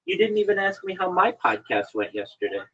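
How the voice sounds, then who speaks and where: A man hosts a podcast and teases his guest, lecturing him in a mock-serious way over an online call. His voice is bright and husky, and his pitch moves a lot. The call audio sounds dull and lo-fi. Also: sing-song, fairly quick. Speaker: podcast host. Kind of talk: casual chat.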